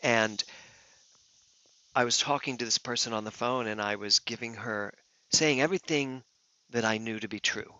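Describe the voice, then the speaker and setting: A man giving a talk as a minister, telling a personal story in an earnest, emotional way. His voice moves from hushed to loud. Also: mid-range voice, normal speed, long pauses, no room sound, muffled recording. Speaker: guest speaker, minister.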